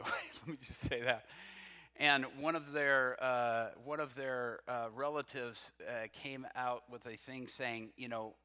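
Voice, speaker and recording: A man preaching a sermon, reading scripture aloud with lively asides, laughing often and questioning his listeners. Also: mid-range voice. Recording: long reverb from a hall.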